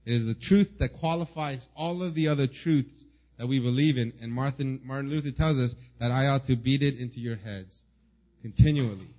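A man preaching a sermon to a congregation, reading quotations slowly and with emphasis, with the odd "uh" between thoughts. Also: medium pitch, darkish tone, highs cut off. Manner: reads quotes slowly and emphatically, with filler "uh".

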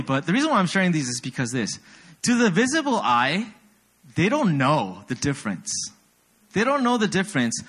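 A young adult man giving a sermon, an animated storyteller who teases himself and keeps checking in with his listeners. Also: fairly high pitch. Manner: animated storyteller, self-deprecating, asks the audience often. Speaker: pastor.

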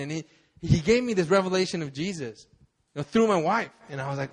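A man's voice: a little high, lively intonation, quick pace. A young man preaching a sermon, telling a personal story with many fillers and repeated words. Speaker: pastor.

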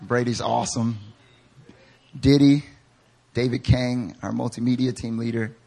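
A man preaching a sermon, moving between quiet, joking storytelling and loud, fervent shouting, acting out quoted people with humor. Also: mid-range voice, steady tone, a little slow, vocal fry. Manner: acts out quoted voices with humor. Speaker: pastor.

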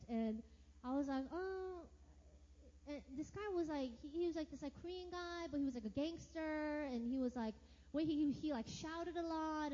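A woman sharing a personal testimony sermon as a church leader, animated and acting out her own past reactions. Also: sits high. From United States. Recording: reverberant hall, dull lo-fi sound.

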